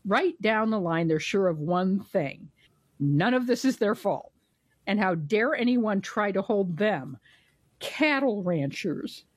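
A woman's voice: medium pitch, breathy edge, dry recording, clean studio sound. A woman co-hosting a political podcast, speaking bluntly and with scorn. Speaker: podcast co-host. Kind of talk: political commentary chat.

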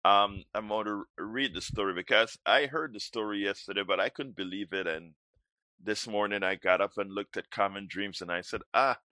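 A man's voice: fairly low pitch, normal speed, pushed and bright, no room sound. A man hosting a call-in political talk show, speaking emphatically and at length. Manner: emphatic, preachy, wordy. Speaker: host.

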